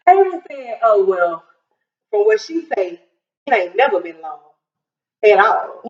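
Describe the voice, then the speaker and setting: Host woman for a casual show recap, animated and laughing, a bit high, dull roomy sound. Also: distant mic. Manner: animated retelling, laughs often, quotes characters in quick asides.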